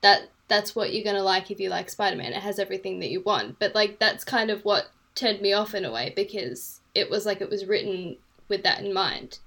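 Bright-voiced young English woman chatting. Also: medium pitch, expressive, brisk, hardly any pauses. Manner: chatty, hedging, apologetic, many "like"s. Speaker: podcast guest. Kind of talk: casual chat.

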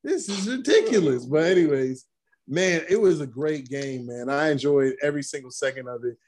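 Animated, higher-voiced man telling stories. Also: moderate pace. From Brooklyn. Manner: animated storytelling, acting out quotes. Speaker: podcast co-host. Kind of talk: casual sports chat.

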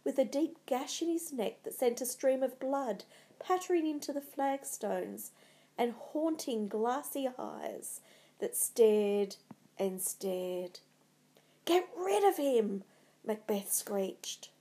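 A woman narrating a storybook in a dramatic, measured way. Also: a little high, animated, warm tone.

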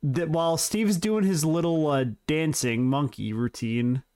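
Guy reading trivia off notes on a chill podcast, kinda high voice, jokey. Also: a little slow, warm tone, smooth. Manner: reads prepared facts, joking banter. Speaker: podcast co-host presenting trivia. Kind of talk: casual podcast chat.

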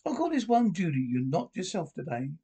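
Giggly creepy corpse host, high-ish voice, hamming up the puns on a tv horror show. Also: male voice, huge pitch swings, a little fast, dark tone, husky, heavily acted. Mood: gleeful. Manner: theatrical, relishing morbid wordplay. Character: cackling ghoulish male corpse host, gleefully punning.

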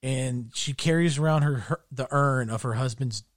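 A man in casual chat, telling crude stories with glee and dropping his voice low for the punchlines. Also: normal speed, no echo, clean studio sound. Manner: crude, gleeful storytelling, drops voice low for punchlines.

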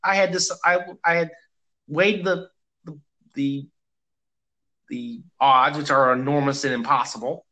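A man's voice: on the high side, steady tone, unhurried, long pauses, bright, forceful tone, rough recording. A man in casual chat, rambling through an anecdote with many restarts.

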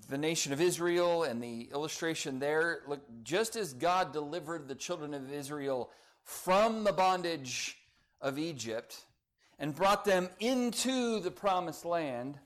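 A middle-aged man, a pastor, preaching a sermon, rising and pressing on key phrases, then dropping into quiet, chatty storytelling. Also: on the high side.

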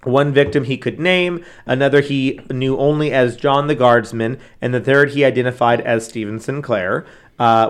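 A man's voice: mid-range voice, smooth. A man co-hosting a casual true-crime chat, talking loosely with many fillers and asides. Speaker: podcast co-host.

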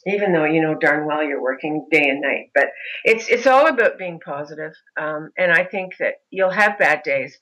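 Middle-aged mom telling her story, animated, bright punchy voice. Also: low voice, normal speed, rough recording. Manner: animated, mimics other voices in anecdotes. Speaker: mother of a son with a disability. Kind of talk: interview storytelling.

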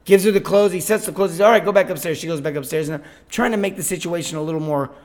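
A man hosting a sales podcast, telling a story in a casual, animated way with lots of restarts. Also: fairly high pitch, very fast. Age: adult, father of eight. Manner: animated, chatty, repeats himself. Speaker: podcast host and sales coach.

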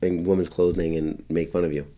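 Deep voiced guy joking around on a podcast, laughs a bunch. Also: flat delivery, a little fast, mellow. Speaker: podcast guest, comedian. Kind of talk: casual chat.

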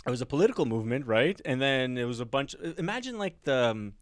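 A man in the middle of a relaxed podcast chat, rambling through stories with plenty of laughs and false starts. His voice sits at an ordinary pitch for a man. The sound is dry and close to the mic. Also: quick pace, dry recording. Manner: rambling, laughs often, many restarts and fillers. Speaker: podcast co-host. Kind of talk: casual chat.

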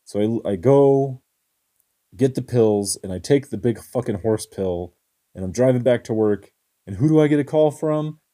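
A man's voice: medium pitch, normal speed, warm tone. A young man telling a story in casual chat, laid-back and full of swearing.

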